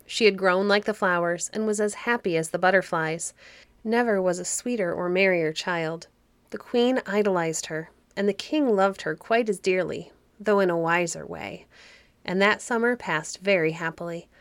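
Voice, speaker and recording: A woman narrating a fairy story for a podcast in a soft, cozy, unhurried manner. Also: lowish voice, dry recording.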